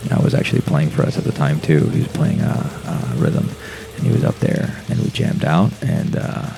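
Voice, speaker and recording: A man's voice: rumbling low, animated, normal speed, creaky, background noise. A man, a podcast guest, telling a rambling, profane story in casual chat and laughing as he goes.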